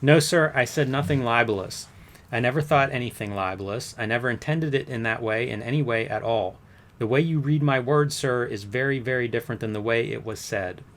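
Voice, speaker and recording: A man's voice: medium pitch, a little fast, natural voice. A man reading the part of a writer testifying under oath, answering with curt, insistent denials. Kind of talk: reading a court transcript aloud.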